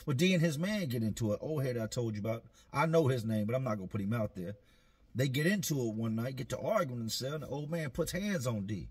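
Laid-back male storyteller, husky voice, slangy and dry. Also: medium pitch, expressive, quick pace. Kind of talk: casual storytelling.

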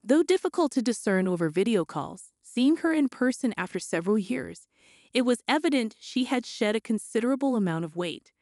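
A woman giving expressive first-person scripted story narration, her pitch jumping up on questions. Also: a little fast, dry recording, studio quality.

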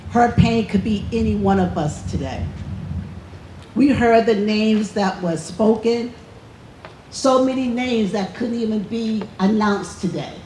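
A woman who leads a church community group, giving an impassioned speech at an outdoor rally with a slow, emphatic, repeating cadence. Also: mid-range voice, dark tone. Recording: echoey outdoor PA sound with faint traffic.

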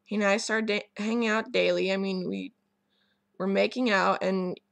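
A young woman talks straight to her camera, telling a personal story in a loose, rambling way full of ums and false starts. Her voice has a gravelly, fry-laden edge, and the room sounds dry and close. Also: medium pitch, fairly even intonation, normal speed, no room sound. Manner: rambling, many ums and restarts, candid. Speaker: vlogger.

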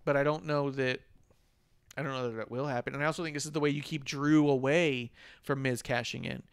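A man's voice: medium pitch, steady tone, a little fast, clean tone, no room sound. A man co-hosting a podcast, rambling in casual chat, swearing freely and chuckling. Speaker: podcast co-host.

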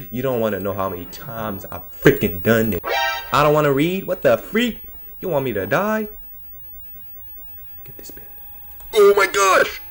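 A young gaming YouTuber gives nervous, joking commentary on a horror game, laughing often and talking to both the game and his viewers. His mid-range voice swings widely in pitch at a normal speed, with soft music in the background.

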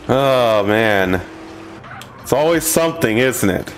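A man's voice: big pitch swings, slow pace, soft background music. Exasperated, foul-mouthed gaming man. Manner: swings from low grumbling to high exasperated shouts. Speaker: gameplay commentator. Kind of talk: profane gameplay commentary.

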